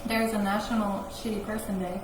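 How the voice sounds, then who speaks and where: A woman's voice: mid-range voice, level tone, fairly quick, noisy background. Laughing, teasing woman in an echoey room. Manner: loud, laughs often, teasing. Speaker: co-host of a live chat show. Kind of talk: casual chat.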